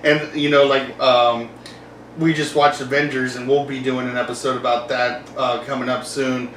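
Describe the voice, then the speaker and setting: A man hosting a casual podcast chat, rambling and animated, laughing often and acting out quotes. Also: mid-range voice, moderate pace, a little hiss or hum. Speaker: podcast host. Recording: roomy, distant mic with faint ambience.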